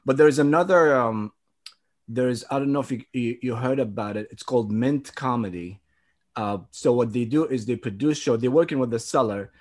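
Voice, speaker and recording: A man's voice: medium pitch, normal speed, darkish tone. Hesitant man with many fillers. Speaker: guest, comedy producer. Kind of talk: casual podcast interview.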